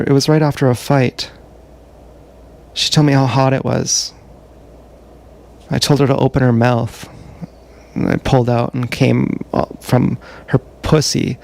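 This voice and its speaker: A man on a livestream telling a rambling, profane confessional story, halting often with fillers, recorded on an action camera. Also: mid-range voice, vocal fry.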